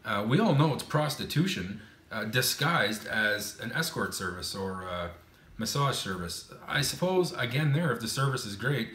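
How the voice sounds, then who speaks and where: A man's voice: mid-range voice, very animated, normal speed, fairly bright tone. A man from Canada giving frank, casual advice in a chatty monologue with many fillers and restarts. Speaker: vlogger. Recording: roomy echo.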